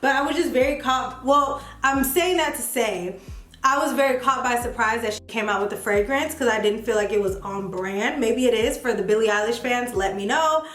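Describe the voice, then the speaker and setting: A young woman chatting casually to camera as she reviews perfumes, animated and playful. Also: on the high side, normal speed. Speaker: beauty vlogger. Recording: echoey room with faint music.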